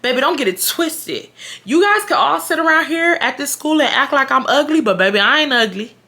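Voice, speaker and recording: A woman's voice: sits high, animated, fairly quick, bright, forceful tone. A young woman telling a story on her vlog. She is blunt and profane, and speaks straight to her viewers. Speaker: vlogger.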